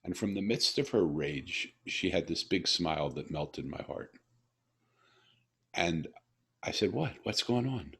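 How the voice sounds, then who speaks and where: A man's voice: deep voice, slow pace, long pauses, fairly bright tone, husky. A middle-aged man hosting a heartfelt interview, telling stories earnestly and often restarting his sentences. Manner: earnest, emotional storyteller with frequent restarts. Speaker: podcast host.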